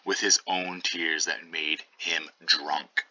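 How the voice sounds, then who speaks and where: A man's voice: a bass voice, little pitch movement, takes it slowly, bright, forceful tone, muffled recording, full character voice. A man voicing an exasperated older friar, using casual modern words and sounding impatient.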